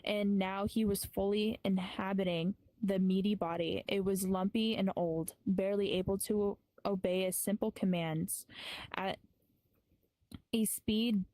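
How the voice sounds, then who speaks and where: Mellow-voiced woman improvising a story. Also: mid-range voice, steady tone, unhurried, no room sound, poor audio. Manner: stumbles over names and restarts words. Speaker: improv performer.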